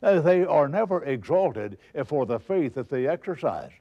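A man's voice: on the high side, big pitch swings, normal speed, dull audio. A man preaching a broadcast sermon, asking rhetorical questions and answering them himself with emphasis.

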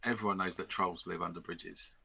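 Player: sarcastic, swearing man with a low gravelly voice. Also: steady tone, brisk, sharp tone. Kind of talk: casual play commentary.

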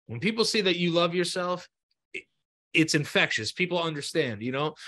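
A man's voice: medium pitch, sharp tone. A man hosting an interview show, talking earnestly and encouragingly, repeating himself and swearing freely. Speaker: podcast host. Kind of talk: heartfelt interview chat.

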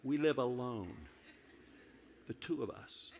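A man's voice: mid-range voice, lively intonation, brisk, creaky, big-room sound, slight background noise. A man preaching a sermon as pastor in a church, playful and teasing himself, repeating his phrases. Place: church sanctuary.

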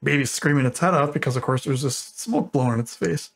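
A man's voice: mid-range voice, a little fast, creaky, slightly rough. A man in his twenties casually telling a long joke, rambling and correcting himself as he goes. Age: 20s. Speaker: YouTuber.

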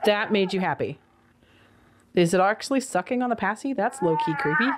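A woman's voice: mid-range voice, expressive, brisk, heavy background noise. A young adult woman giving a casual toy review, with sarcastic, exasperated asides.

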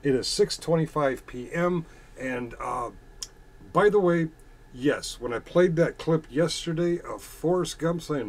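A man's voice: a little high, expressive, a little slow. A man hosting a casual chat stream, reading out viewer comments and answering them in a crude, profane and mocking way. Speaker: channel host reading chat.

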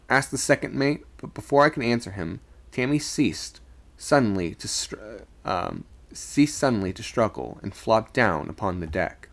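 A man reading a spooky story aloud on a live stream, raising his voice for the shouted lines. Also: on the low side, expressive, moderate pace, creaky.

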